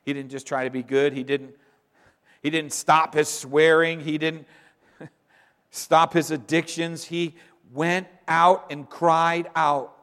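A man's voice: a little high, steady tone, slow pace, clean tone. Emphatic preacher man in a reverberant hall. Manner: emphatic, swings between loud declarations and quiet asides. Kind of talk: sermon. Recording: long reverb of a large hall.

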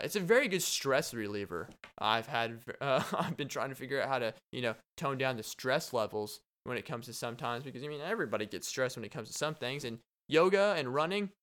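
A young man hosting a casual solo podcast, talking in an animated, joking and rambling way. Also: medium pitch. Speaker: podcast host.

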